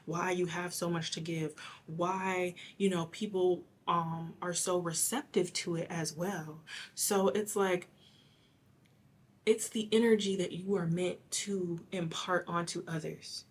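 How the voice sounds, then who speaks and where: Chatty young woman, slightly hoarse. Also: lowish voice, a little hiss or hum. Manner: rambling and chatty, full of "like". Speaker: tarot reader. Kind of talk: casual one-on-one tarot reading.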